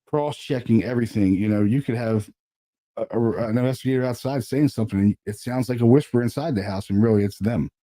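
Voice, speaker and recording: A man's voice: medium pitch, fast, warm tone. A man chatting casually as a paranormal investigator, laid-back, often tagging his sentences with "you know what I mean" and "man.". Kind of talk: casual chat.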